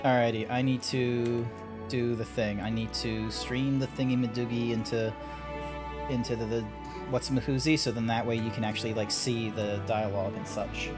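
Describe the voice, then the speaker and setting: A man's voice: mid-range voice, flat delivery, normal speed, over loud music. A man streaming a game, talking in a rambling, chatty way with lots of fillers. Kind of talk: casual live-stream chat.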